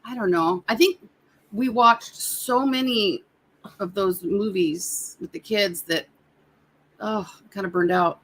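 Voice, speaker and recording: A woman co-hosting a live stream, chatting casually and cutting in with quick remarks. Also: mid-range voice, a bit bright, husky. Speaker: co-host.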